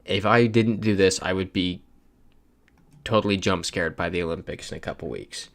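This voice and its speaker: A man's voice: low voice, normal speed, fairly bright tone. A man hosting a casual livestream, chatting loosely and reading viewer messages aloud as he plays. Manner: chatty, reads chat messages aloud while playing. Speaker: livestream host. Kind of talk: casual live-stream chat.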